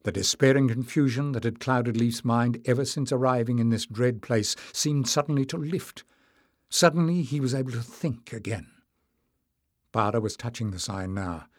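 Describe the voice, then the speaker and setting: The scripted audiobook narration comes from a man with a mid-range voice who tells the story at a measured, deliberate rhythm. There's no room sound at all, just a clean studio recording.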